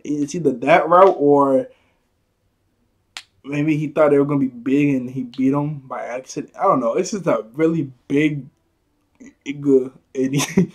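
A man's voice: mid-range voice, a little mellow. A man casually reviewing a manga chapter, rambling and restarting his sentences, with chuckles along the way.

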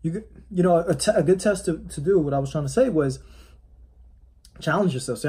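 Man, real estate agent, casual vlog, rambling coaching talk, husky, slightly high voice. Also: a little fast, warm tone. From United States. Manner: rambling, restarts often, coaching tone.

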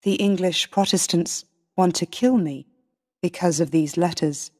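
A woman narrating a storybook in the first person, reading slowly and clearly with careful pauses. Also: fairly low pitch, darkish tone. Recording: long hall reverb.

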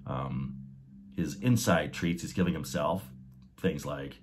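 A man's voice: sits low, a little slow, noisy background. A man hosting a podcast, explaining ideas methodically and restating his key points. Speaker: podcast host.

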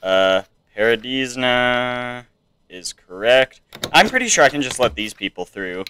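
A man's voice: mid-range voice, expressive, normal speed, bright, forceful tone, smooth. A young man casually commenting on a video game playthrough, reading on-screen text aloud with chatty, joking asides. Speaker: gamer playing through a game.

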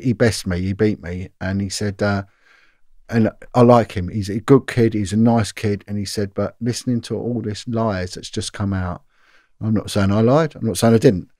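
A middle-aged former police detective, appearing as a guest in a storytelling interview, tells long, animated anecdotes full of fillers, repeats and restarts. His voice is lowish, and the recording is clean studio sound with no room ambience.

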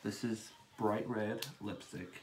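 A beauty vlogger talking through a casual makeup tutorial in a chatty, theatrical way. The voice swings between loud exclamations of dismay and soft whispered asides, with a faint hiss of noise behind it. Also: mid-range voice, steady tone, slow.

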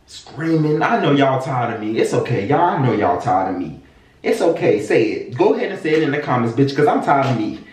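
A man hosting a casual reaction vlog, animated and exclamatory, swearing freely and a little out of breath. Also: medium pitch, brisk, far from the mic. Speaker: YouTube host reacting to food videos. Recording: roomy, off-mic, faint hiss.

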